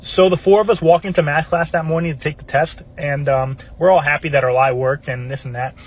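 Fast, husky young man. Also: fairly high pitch, fairly even intonation. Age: young adult. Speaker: college student. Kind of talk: casual storytime.

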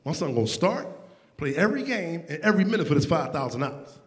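A middle-aged man doing stand-up comedy, telling a profane, exasperated story with loud outbursts. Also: on the high side, sing-song, fast talker. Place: comedy stage before a live audience. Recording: live stage mic with audience noise.

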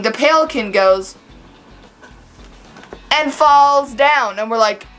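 Chatty woman, casual vlog story, fairly high voice, camera mic, faint music underneath. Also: measured pace, pauses often, a bit bright. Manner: chatty, with frequent fillers and "like"s. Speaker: vlogger.

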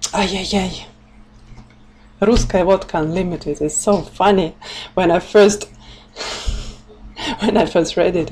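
A Russian woman from Siberia talks through a casual live-streamed lesson at an unhurried, deliberate pace. Her English is chatty and loose, with frequent laughs and Russian words slipped in. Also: lowish voice, darkish tone, a little hiss or hum. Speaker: language teacher. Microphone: laptop or webcam mic.

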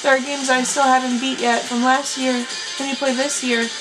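A woman's voice: sits high, flat delivery, moderate pace, loud music behind the voice. A woman reacting live to a video game showcase, gasping, squealing and talking over the trailers. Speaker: gaming YouTuber reacting to a showcase. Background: game trailer audio playing.

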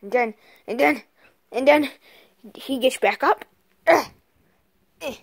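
A female host giving casual commentary on a toy fight, halting and repeating herself as she goes. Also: high voice, lively intonation, breathy edge, dry recording, studio quality. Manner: halting, repeats "and then" often. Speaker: video host.

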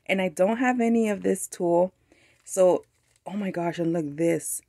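A woman with a Mexican-American accent excitedly chatting as a craft channel host, gushing over a mail package. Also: on the low side, normal speed, no echo, clean studio sound. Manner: gushing, excited, frequent laughs. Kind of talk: casual unboxing chat.

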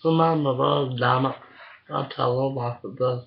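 A man's voice: medium pitch, steady tone, measured pace, vocal fry. A man chatting crudely on a webcam, cursing and rambling. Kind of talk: casual chat. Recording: dull lo-fi webcam audio.

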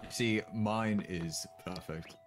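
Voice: sits low, slow, soft background music. A player joking and swearing during game roleplay, laughing mid-sentence. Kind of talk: casual Minecraft roleplay banter.

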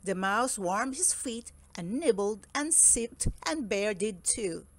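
A woman reading a children's picture book aloud with slow, expressive storytelling. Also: mid-range voice, dry recording. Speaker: storybook reader. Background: soft music.

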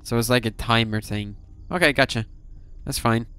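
A young man narrating his horror game run, jumpy and quick to swear. His voice is smooth and clear, set at an ordinary middle pitch. He reads the on-screen text aloud as he plays. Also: fairly even intonation, fairly bright tone, dry recording, faint music behind. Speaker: gaming YouTuber. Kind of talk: horror game let's play commentary.

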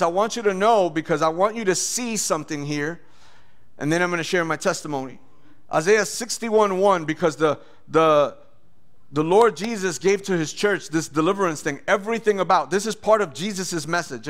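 Male pastor, animated preacher, slightly high voice, loud bursts when acting out voices. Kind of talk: sermon with testimony.

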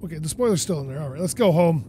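High, lively male gamer commentating. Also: very fast, slight background noise. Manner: animated, self-talking, swearing when frustrated. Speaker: gaming channel host. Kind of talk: let's play commentary.

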